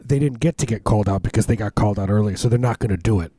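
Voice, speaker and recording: Low, mellow-voiced man chatting. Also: rapid-fire, breathy edge, no echo. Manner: rambling, restarts often, jokey. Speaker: podcast co-host. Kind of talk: casual chat.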